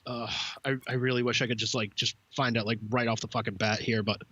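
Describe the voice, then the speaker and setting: A man's voice: medium pitch, level tone, fast, a bit bright, no room sound, dull audio. A man co-hosting a casual podcast, telling a long anecdote full of swearing and quoted asides. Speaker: podcast co-host.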